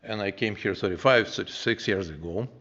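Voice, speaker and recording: Man, 60s, Russian accent, low-pitched, halting, fillers, muffled council chamber recording. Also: fairly bright tone. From former Soviet Union. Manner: halting, many restarts and fillers, earnest. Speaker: public commenter. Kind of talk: public comment at a council meeting. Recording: dull, muffled meeting audio.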